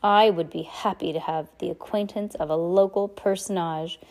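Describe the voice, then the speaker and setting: A woman's voice: fairly low pitch, steady tone, normal speed, darkish tone, lightly acted. A woman reading as a falsely polite villain. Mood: oily. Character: scheming male villain posing as a sea captain.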